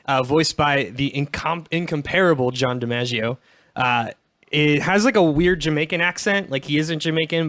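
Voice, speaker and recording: A man co-hosting a comedy podcast, cutting in with quick, wry asides. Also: on the high side, a bit bright. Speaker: podcast co-host. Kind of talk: casual comedic chat over a call.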